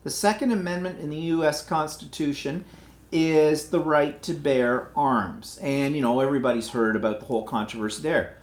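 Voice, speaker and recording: A man's voice: on the high side, moderate pace. Indignant man ranting in a roomy space. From Canada. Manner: indignant, rambling with fillers. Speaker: livestream host. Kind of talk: casual opinionated monologue. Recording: roomy echo.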